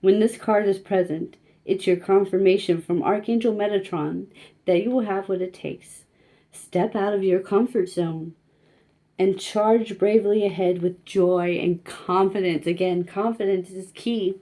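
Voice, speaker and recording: A woman giving a casual spiritual card reading, talking gently and haltingly with many fillers. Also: medium pitch, fairly even intonation.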